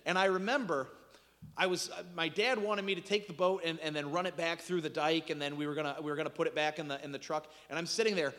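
Man, sermon, high voice, animated storytelling, long echoing reverb. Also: quick pace. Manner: animated storytelling, dramatic swings in pitch and loudness. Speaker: pastor.

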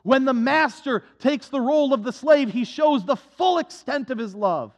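A man preaching a sermon, swinging from hushed, soft passages to impassioned, raised delivery. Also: very high-pitched, expressive, moderate pace, dull audio.

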